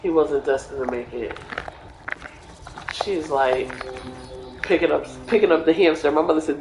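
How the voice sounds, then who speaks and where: A woman's voice: deep voice, moderate pace, pauses often. A young woman chatting casually as a livestreamer, rambling through stories with lots of fillers. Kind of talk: casual chat. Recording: roomy echo with faint music.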